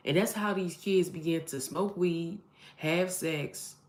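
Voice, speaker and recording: A woman's voice: lowish voice, takes it slowly, darkish tone. Roomy-sounding woman preaching to camera. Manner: emphatic, exhorting, repeats phrases for emphasis. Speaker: mother and online vlogger. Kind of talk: preachy motivational talk to camera. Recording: roomy echo.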